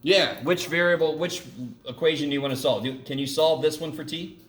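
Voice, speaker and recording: This man's voice sits a little high and a bit bright, with a steady tone and a fairly quick pace. He jokes his way through a casual classroom math lecture, throwing in the occasional swear while solving problems. The sound is distant and echoey, with faint room noise.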